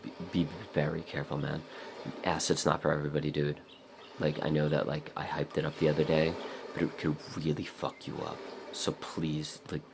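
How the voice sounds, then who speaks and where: A man's voice: vocal fry, background noise. A man vlogging in a casual, rambling monologue, blunt and profane, talking straight to the viewer and acting out his own inner voice. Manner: acts out his own inner voice in a higher, louder pitch.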